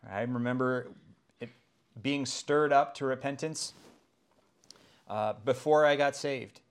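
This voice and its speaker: A man's voice: medium pitch, steady tone, slow pace, clear, resonant tone. A middle-aged man preaching a sermon as pastor, earnest and rising to emphatic exclamations.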